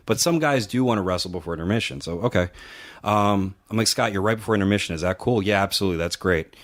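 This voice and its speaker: A lower-pitched man tells a long, profane story in casual podcast chat. He rambles and doubles back, acting out the other guy's lines. He sounds like a wrestling promoter reliving a night at his show. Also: quick pace, fairly bright tone.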